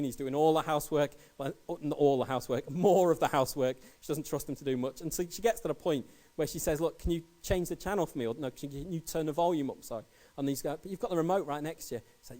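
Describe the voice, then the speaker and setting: Quick-paced male preacher, fairly high voice, storytelling sermon style. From England. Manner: storytelling, animated anecdotes.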